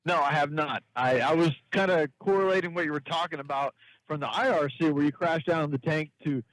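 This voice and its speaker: A middle-aged man co-hosting a casual radio chat in a relaxed, joking way. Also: on the high side, a little fast, low-quality recording.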